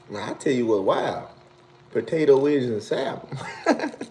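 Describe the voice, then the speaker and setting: A man hosting a casual live stream, reading viewer comments with loose slangy talk and frequent laughter, jumping to a high incredulous pitch when he teases. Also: big pitch swings, measured pace, pauses often, a little mellow, a little hiss or hum.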